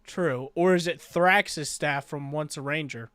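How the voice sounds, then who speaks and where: A man co-hosting a fan review podcast, chatting casually with excitable, quick back-and-forth banter. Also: on the high side, clear, resonant tone, dry recording. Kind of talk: casual chat.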